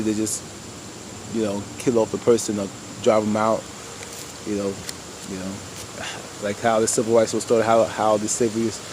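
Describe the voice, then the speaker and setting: A TV show reviewer gives a casual episode recap in a fairly low voice, with background noise present. He rambles, fills gaps with lots of "you know," and calls his viewers "y'all."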